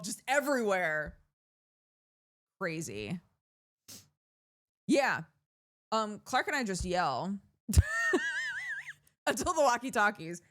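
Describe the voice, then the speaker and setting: Woman streamer just chatting, kinda low voice but bounces all over, gets loud and laughy telling stories. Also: a little slow, pauses often. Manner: animated storytelling with loud yelled bits and laughter. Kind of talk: casual chat.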